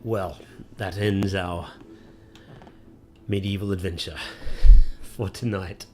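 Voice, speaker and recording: Low-voiced man commentating gameplay. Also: slow pace. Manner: wry, relaxed and chatty with frequent fillers. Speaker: let's play host.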